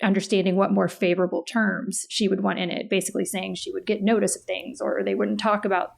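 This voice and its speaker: A woman co-hosting a podcast, chatting casually and thinking out loud. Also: medium pitch, little pitch movement, fast talker, creaky. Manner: conversational, thinks aloud. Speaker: podcast co-host. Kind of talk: casual chat.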